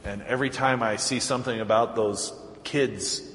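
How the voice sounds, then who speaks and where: Conversational pastor in an echoey church. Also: male voice, medium pitch, fairly even intonation, normal speed, fairly bright tone, a little hiss or hum. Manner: storytelling, conversational, chuckling. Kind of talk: sermon. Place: church sanctuary. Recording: echoey church hall, faint ambience.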